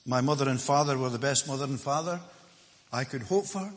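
A man with a Scottish accent, from Lanarkshire, preaching a sermon as a visiting preacher, emphatic and swinging between loud declarations and hushed asides. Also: mid-range voice, fairly quick, long reverb tail. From Lanarkshire, Scotland. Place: church.

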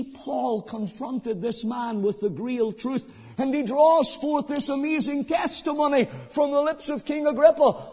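Male evangelist, high pitch, pleading questions, muffled recording with long hall reverb. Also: husky. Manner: swings between hushed pleading and loud ringing emphasis; repetitive rhetorical questions to the listener. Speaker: preacher. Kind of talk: evangelistic sermon.

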